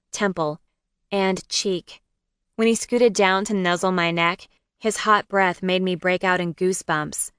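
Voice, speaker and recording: A woman narrating a first-person romance audiobook in a wry, lively storytelling manner. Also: medium pitch, clean tone, dry recording, studio quality.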